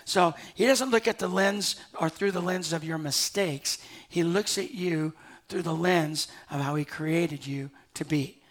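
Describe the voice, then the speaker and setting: An older man with a fairly high voice, a pastor, preaches a sermon to a live congregation. He swings from hushed, slowed passages to loud, urgent appeals.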